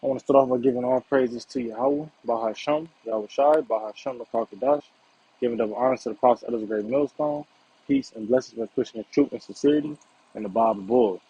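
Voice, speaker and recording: A man's voice: medium pitch, quick pace, dark tone, breathy edge. A man giving a casual Bible lesson in a conversational way, often checking in with "right?" and "all right". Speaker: Bible teacher. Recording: dull lo-fi recording.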